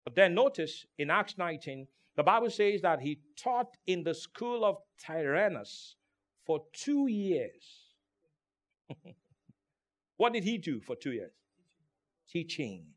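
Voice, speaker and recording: A man preaching a sermon as pastor. He is emphatic, calls out for responses from the congregation, and swings from hushed to loud delivery. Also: high voice, very animated, slow pace, pauses often. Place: church in Turkey.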